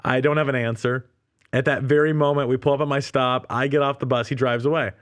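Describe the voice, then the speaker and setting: A man from Canada tells his story as an interview guest, his voice sitting at an ordinary middle pitch. He is animated and acts out the dialogue he quotes. He laughs often as he goes. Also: fast, no room sound. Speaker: ministry leader, guest.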